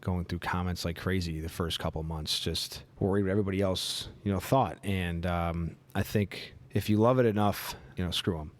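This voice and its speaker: Young male comedian guest, deep voice, relaxed, rambling podcast talk. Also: moderate pace, few pauses. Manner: laid-back, frequent fillers and restarts. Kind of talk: casual podcast conversation.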